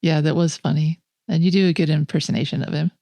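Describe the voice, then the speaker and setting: A woman's voice: low voice, steady tone, fast talker, dark tone, dry recording. A woman co-hosting a film podcast, talking in an enthusiastic, opinionated way and laughing often. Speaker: podcast co-host. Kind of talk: casual film review chat.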